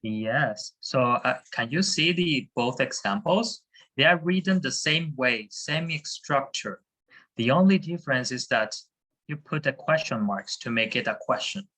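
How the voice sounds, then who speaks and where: A teacher giving a Spanish lesson to students, patient and encouraging, explaining slowly with frequent fillers. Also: male voice, medium pitch, animated, bright, forceful tone, poor audio. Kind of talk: online class teaching.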